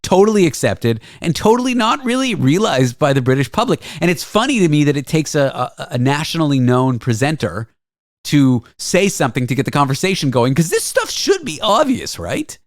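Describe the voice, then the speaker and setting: A man hosting a podcast in casual comedic chat, joking and animated as he tells stories. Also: fairly high pitch, a little fast, no room sound, clean studio sound. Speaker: podcast host.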